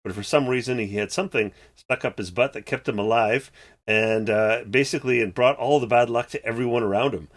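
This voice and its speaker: A man talking as a guest in a casual chat, pitching his company's new books with enthusiasm. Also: fairly quick. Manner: enthusiastic pitching, many fillers. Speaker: game publisher guest.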